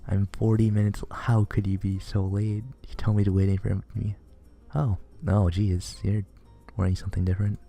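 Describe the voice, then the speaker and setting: A man reading a visual novel aloud in a casual, deadpan way, stumbling now and then. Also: lowish voice, moderate pace, creaky, few pauses, soft background music. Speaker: game reader.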